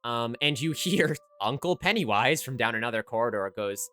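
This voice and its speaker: A man narrating a live tabletop game as game master, filling pauses with many ums. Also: medium pitch, expressive, bright, forceful tone.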